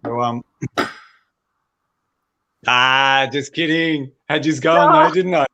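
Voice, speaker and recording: A man doing a deadpan stand-up set online, often clearing his throat. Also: medium pitch, takes it slowly. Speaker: stand-up comedian.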